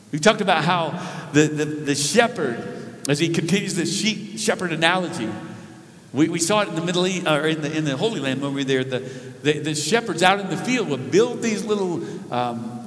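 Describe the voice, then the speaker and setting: Guy preaching a sermon, kinda high voice, earnest and emphatic, stumbles and restarts, big echoey church sound. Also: fairly bright tone. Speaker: pastor. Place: church sanctuary. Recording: preached in a large hall with long reverb.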